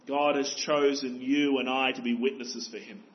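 A man's voice: mid-range voice, fairly even intonation, normal speed, dull audio. A man preaching a sermon as pastor, earnest and exhorting, pressing his listeners with rhetorical questions.

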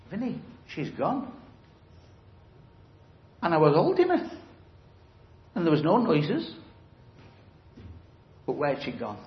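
Emphatic male preacher in roomy hall. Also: medium pitch. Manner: emphatic, conversational, asks the audience questions. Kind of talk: evangelistic sermon. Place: church hall. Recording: roomy, slightly dull hall recording.

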